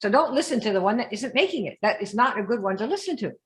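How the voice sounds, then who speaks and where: A woman coaching a group in a lively live session, often asking her listeners questions and acting out the voices she quotes. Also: fairly high pitch, fast. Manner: emphatic, asks the audience questions, acts out quoted voices. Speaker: business coach.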